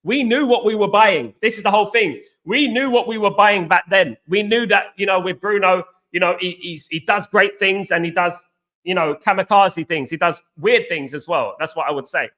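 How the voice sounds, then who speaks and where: Young man, high-pitched, bright tone, hoarse, chatty live-stream host. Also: normal speed. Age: young adult. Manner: chatty, repeats phrases, greets viewers by name. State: voice going hoarse. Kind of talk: casual live-stream chat, reading viewer comments.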